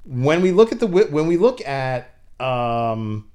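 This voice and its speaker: An American man talking in a loose, rambling podcast chat, his voice sitting at an ordinary middle pitch. He laughs often and his pitch jumps sharply when he gets worked up. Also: sing-song, a little slow, a little mellow. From United States. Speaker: podcast co-host. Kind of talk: casual fan chat.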